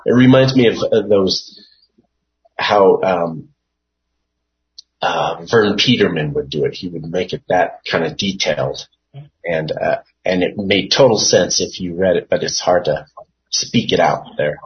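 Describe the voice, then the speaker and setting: A man leading a Bible study, reading verses aloud and unpacking them at a very slow, deliberate pace. His voice sits low, and he thinks aloud, pausing on fillers and restarting phrases. The recording sounds dull and lo-fi. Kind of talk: informal Bible study teaching.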